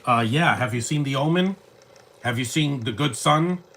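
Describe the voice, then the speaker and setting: Guy doing live movie commentary, bright forward voice, jokey rambling asides. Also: medium pitch, normal speed, creaky.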